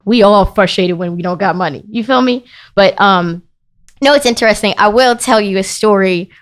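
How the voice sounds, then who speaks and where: A woman guest on a podcast, telling a personal story in casual conversation with emphatic, animated delivery. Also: medium pitch, moderate pace. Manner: emphatic, animated, rising into heated retelling. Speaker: podcast guest, business founder.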